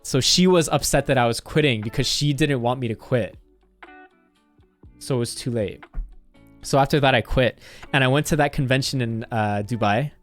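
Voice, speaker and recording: A man's voice: medium pitch, normal speed, pauses often, soft background music. A young man streamer casually telling a story, rambling with constant "like" fillers and swearing.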